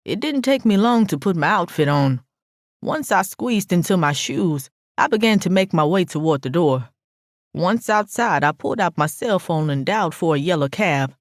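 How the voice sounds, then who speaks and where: A brash, sassy narrator reads a first-person audiobook with plenty of swearing. The voice sits in a middle pitch. The recording is dry and close. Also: animated, normal speed, dry recording.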